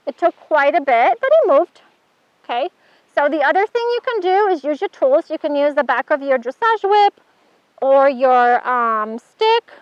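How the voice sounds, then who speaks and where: Woman, instructor, high voice, dry sound, chatty live demonstration. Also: lively intonation, moderate pace, no echo, dull audio. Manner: chatty, praises the horse as she works. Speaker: horse handling instructor. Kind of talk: hands-on demonstration talk.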